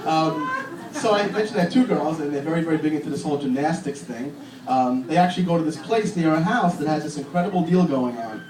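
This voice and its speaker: A man in his thirties delivers a stand-up set with a fairly high, deadpan voice. He is captured from across a roomy comedy club. Crowd laughter and noise fill the background. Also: fast. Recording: echoey club from far off. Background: audience laughter and room noise.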